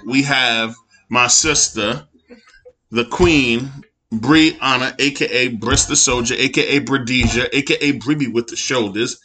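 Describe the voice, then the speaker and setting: A man in his thirties hosts a casual podcast, ribbing his co-hosts in loose, joking banter. His voice is bright and forceful, at an ordinary pitch for a man. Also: slight background noise. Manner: joking, teasing, playful banter. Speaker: podcast host. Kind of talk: casual chat.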